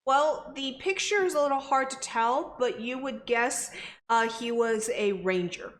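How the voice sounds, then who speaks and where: Woman GM, fairly high voice, explanatory, filler-heavy. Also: unhurried. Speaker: game master. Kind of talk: narrating a tabletop game.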